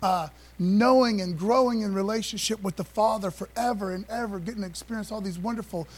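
A man's voice: high-pitched, fairly quick. A man preaching a sermon in a church, folksy and conversational, calling for a witness and repeating phrases. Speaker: pastor. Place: church sanctuary.

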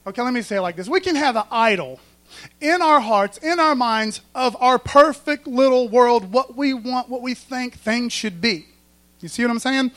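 A man's voice: very high voice, fairly bright tone. A male preacher, preaching a folksy sermon in church and often asking the congregation if they follow.

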